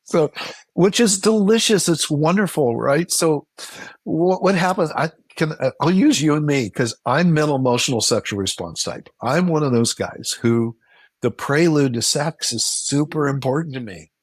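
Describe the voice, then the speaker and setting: Animated man explaining in a dry room. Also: normal speed, dry recording. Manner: animated, acts out quoted reactions with a jump in pitch; explanatory, repeats points for emphasis. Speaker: relationship expert guest. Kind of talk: casual interview conversation.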